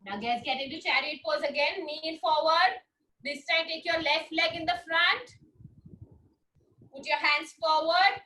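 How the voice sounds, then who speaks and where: A woman telling a story to children and leading them through yoga poses in an animated way. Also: high-pitched, a little slow, recorded from a distance, rough recording.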